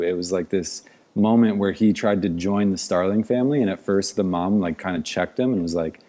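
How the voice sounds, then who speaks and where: A man's voice: low voice, steady tone, normal speed, mellow. A man, a podcast guest, telling a story in casual conversation, rambling with many "like" fillers. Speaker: podcast guest, outdoor educator.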